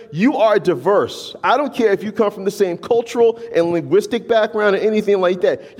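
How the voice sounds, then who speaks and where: A man preaching a sermon as a pastor, conversational and animated, tagging his points with "right?". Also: fairly high pitch. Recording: long reverb of a large hall.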